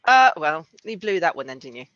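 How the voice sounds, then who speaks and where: Bright, teasing woman host on lo-fi audio. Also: fairly low pitch, very animated, brisk, dry recording. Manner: teasing, laughs along. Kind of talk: interview over a live video chat.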